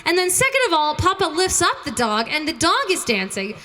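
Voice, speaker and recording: A woman's voice: sits high, big pitch swings, fairly quick, bright, forceful tone. A bubbly, giggly woman chatting casually to livestream viewers at home between songs, as a singer hosting her own concert.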